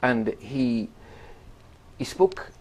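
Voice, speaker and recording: A man's voice: medium pitch, expressive, very slow, a little mellow. A man, a radio guest, telling a rambling anecdote full of quoted voices. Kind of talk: storytelling in a radio chat.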